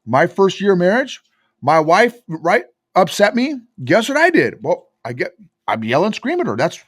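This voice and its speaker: A man with a fairly high voice talks as a guest on a podcast. He tells his stories with emphatic, animated energy and pushes hard on his key points. He sounds like an emotional intelligence coach explaining his ideas. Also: moderate pace, no echo, studio quality. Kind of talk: podcast interview.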